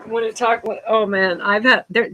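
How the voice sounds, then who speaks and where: A woman's voice: on the high side, steady tone, moderate pace, fairly bright tone, muffled recording, slight background noise. A woman host chatting casually and telling her stand-up jokes, laughing often. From Southern United States. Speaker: comic artist and stand-up comedian hosting a stream. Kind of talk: casual chat.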